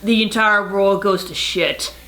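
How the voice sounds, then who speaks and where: A woman co-hosting a podcast in relaxed casual chat. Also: mid-range voice, unhurried. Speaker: podcast co-host.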